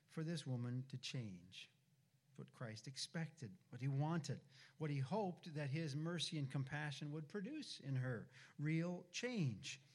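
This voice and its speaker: A man preaching a sermon in a deliberate, reflective manner. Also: mid-range voice, a little mellow.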